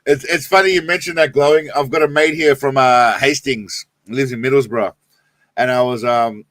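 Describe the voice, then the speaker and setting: A man's voice: medium pitch, fairly even intonation, moderate pace, dry recording. A man casually commenting on clips during a live stream, rambling and swearing freely with many restarts.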